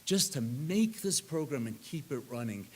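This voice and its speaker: An older man speaking at a reunion, telling animated anecdotes and acting out the people in them. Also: medium pitch, normal speed. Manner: animated anecdote teller, acts out others' lines. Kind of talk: storytelling talk.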